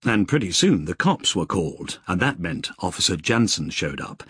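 A man's voice: sits low, sing-song, normal speed, a bit bright, husky, no echo, studio quality. A man reading a novel aloud as an audiobook narrator, telling the story expressively. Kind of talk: scripted narration.

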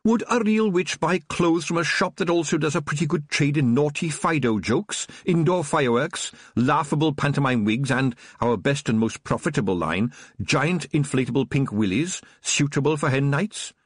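A man's voice: on the high side, lively intonation, moderate pace, slightly rough, no echo, studio quality, voice pushed up. A man voicing a sinister, honeyed old witch who runs a shop, gleeful and menacing. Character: sinister sugary old woman witch shopkeeper. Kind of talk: audiobook character voice.

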